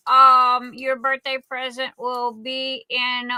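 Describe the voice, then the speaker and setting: A woman's voice: sits high, level tone, takes it slowly, few pauses, clean tone, no echo. A woman hosting a livestream, greeting viewers by name in a chatty way and calling them darling. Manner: warm chatty shout-outs, calls viewers darling. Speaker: livestream host.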